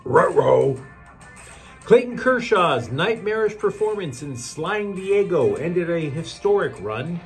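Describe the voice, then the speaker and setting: A man hosting a daily sports news report, delivering it with sarcastic wisecracks. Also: fairly high pitch.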